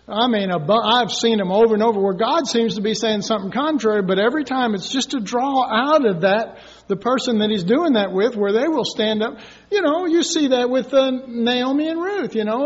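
Male preacher, very high voice, lively sermon delivery, dull recording with long reverb. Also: breathy edge. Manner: animated, acts out quoted voices with sudden high cries. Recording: dull echoey recording from far off.

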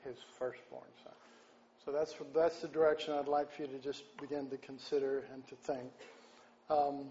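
A man preaching a sermon, folksy and unhurried, often clearing his throat. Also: a little high, level tone, dark tone. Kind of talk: sermon with an opening joke. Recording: dull lo-fi sound with faint background noise.

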